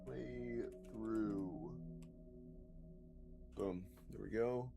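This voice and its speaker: A man's voice: lowish voice, drawn-out words, creaky, loud music behind the voice. A man streaming a game, chatting casually and reading chat aloud in a loose, joking, profane way.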